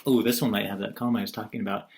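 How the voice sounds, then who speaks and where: A man's voice: lowish voice, rapid-fire, vocal fry, heavy background noise. Playful male teacher quizzing his class. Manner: lively, asks the class questions and answers them; playful, acts out quotes in different voices. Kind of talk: recorded video lesson.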